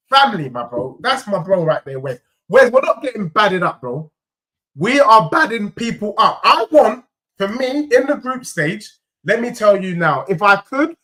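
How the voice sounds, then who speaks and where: A young man hosts a football fan stream, trading heated, teasing banter with viewers in rapid-fire bursts. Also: sits high, bright, forceful tone. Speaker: football fan channel host. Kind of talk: animated live fan chat reacting to viewers.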